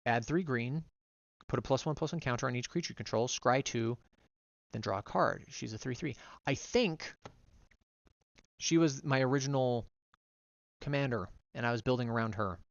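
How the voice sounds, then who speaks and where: Gravelly man reading card text. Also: medium pitch, no echo, muffled recording. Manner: reads card text aloud, quick and run-on. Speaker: vtuber streamer. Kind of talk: casual card-by-card deck reading.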